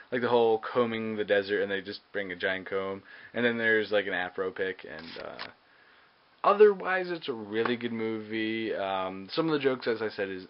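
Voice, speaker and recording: A man giving a casual movie review, hesitant and full of ums and uhs. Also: on the low side. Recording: dull lo-fi recording with faint hiss.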